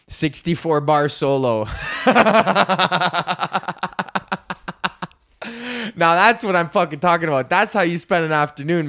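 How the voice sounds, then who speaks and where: A man's voice: on the high side, a bit bright, clean tone. A young man hosting his own podcast, ranting casually and swearing often as he rambles. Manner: profane, rambling, breaks into sung freestyle bits. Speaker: podcast host. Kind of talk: casual solo rant.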